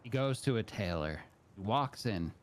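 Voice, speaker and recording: Low-voiced man rambling through a joke. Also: lively intonation, normal speed, a little hiss or hum. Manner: rambling, full of fillers and restarts. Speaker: streamer host. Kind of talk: casual joke telling.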